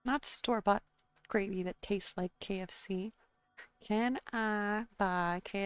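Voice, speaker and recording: A woman game streamer rambling casually to her viewers while she plays. Her voice sits at an ordinary middle pitch and comes across dry and close on a desk mic, with no room around it. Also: fairly even intonation, takes it slowly, smooth, no room sound. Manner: rambling, chatty, talks to herself and chat.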